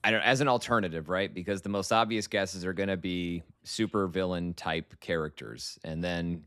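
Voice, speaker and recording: A man's voice: low-pitched, fairly even intonation, normal speed, fairly bright tone, smooth, dry recording, studio quality. A man as a podcast guest, laying out his opinions in an analytical, argument-building way. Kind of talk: casual podcast chat.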